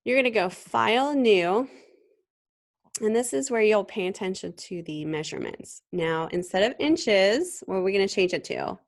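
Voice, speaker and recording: A woman teaching a design class in a screen-recorded software tutorial, talking in a relaxed, conversational way with frequent ums and restarts. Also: medium pitch, moderate pace. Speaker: design instructor.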